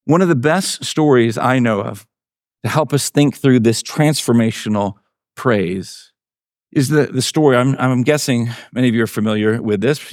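A man's voice: medium pitch, no echo. Pastor guy preaching, earnest and chatty, dry close mic. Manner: earnest, conversational, with restarts. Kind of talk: sermon.

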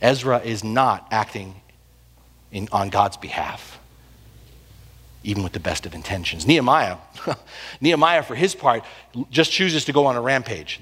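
A man preaching a sermon, telling the story with animated swings between loud and hushed delivery. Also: a little high. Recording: long hall reverb.

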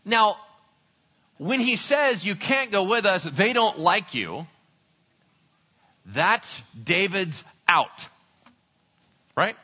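A man with a high, lively voice preaches with bright, forceful energy, acting out the voices of the characters as he retells the story. The sound is a little dull and lo-fi. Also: extremely slow, long pauses, breathy edge. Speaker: pastor. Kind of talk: sermon.

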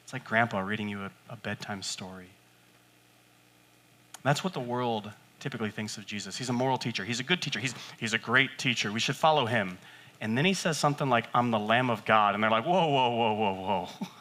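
A man preaching a sermon to his church in a conversational way, acting out quotes and jumping up in pitch for emphasis. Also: fairly quick, bright, forceful tone. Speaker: pastor.

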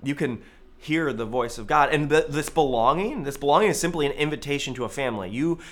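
A male pastor preaching a sermon in a conversational way, with loud emphatic peaks and quiet, low asides. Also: animated, fairly quick.

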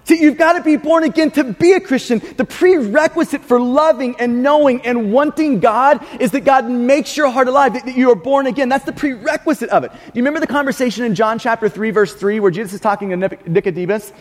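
A man's voice: very high voice, fairly quick, hardly any pauses, big-room sound. A man preaching a sermon as pastor, emphatic and repetitive, often restarting words mid-phrase, in a church sanctuary.

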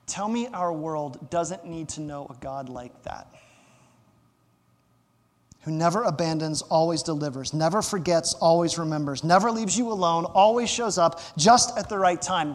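A man preaching a sermon as pastor, emphatic, repeating phrases for stress and asking the congregation to fill in words. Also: high-pitched. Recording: long hall reverb.

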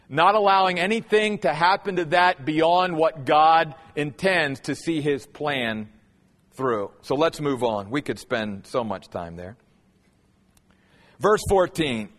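Male pastor, high voice, earnest sermon delivery, reverberant hall sound. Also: fairly bright tone. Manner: earnest preaching, slows down to stress key words.

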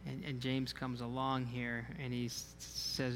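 In a church sanctuary, a pastor preaches a sermon in a mid-range, monotone, slightly bright voice, a little slow with hardly any pauses and a big-room sound. He speaks conversationally, often repeating himself and putting questions to the congregation.

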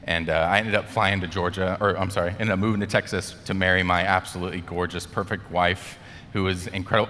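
A young male pastor gives a relaxed, conversational sermon in a lowish voice. He is animated and chatty, leaning on "like" and acting out voices. The sound carries a long reverb from a large church hall. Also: quick pace, slight background noise. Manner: animated, acts out quotes, many "like" fillers.

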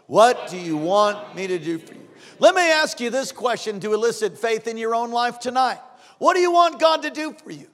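A man preaching a sermon as pastor, fervent and exhorting, rising to shouts at times. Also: sits high, long reverb tail.

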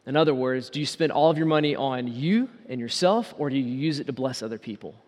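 A man preaching a sermon as pastor, asking the congregation rhetorical questions and slowing down on key words. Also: medium pitch, expressive, darkish tone, in a large hall.

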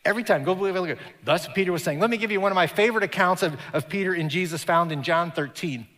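A man preaches with lively energy, jumping into voices for the people he quotes. His voice sits a little high, and it carries with a long reverb, as if he is in a large hall. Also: fast talker. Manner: animated, acts out quoted voices, laughs. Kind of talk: sermon.

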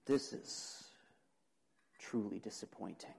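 A young man preaching a sermon, dramatic, asking the audience questions and swinging between loud emphasis and quiet. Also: on the low side, takes it slowly, creaky, breathy edge, low-quality recording.

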